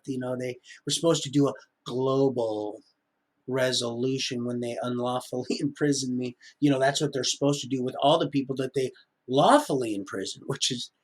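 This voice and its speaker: A middle-aged man rambling through a live-stream monologue, often wandering off topic. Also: medium pitch. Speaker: livestreamer.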